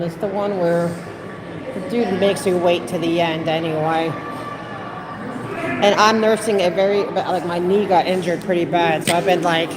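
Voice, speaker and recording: Chatty woman livestreaming over loud crowd chatter. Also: lowish voice, low-quality recording. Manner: chatty and rambling, reading viewer comments aloud. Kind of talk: casual livestream chat.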